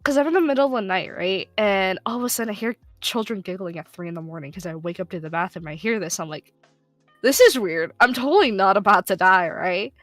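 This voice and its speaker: A woman who voice-acts, casually telling a story during a game stream, animated and swearing, with loud excited bursts. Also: medium pitch, fast talker, few pauses, no room sound, faint music behind. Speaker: guest co-player, voice actor.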